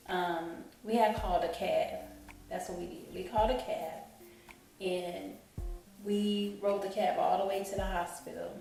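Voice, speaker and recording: A woman with a medium-pitched, gravelly, darkish voice tells an emotional personal story in a rambling storytime vlog, frequently saying "you know what I'm saying." The room is echoey, the mic distant, with faint music.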